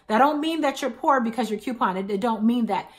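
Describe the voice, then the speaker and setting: A woman's voice: a little high, fast, a little hiss or hum. A woman in her thirties chatting to camera as a couponing vlogger, telling stories with emphatic asides. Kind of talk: casual chat to camera.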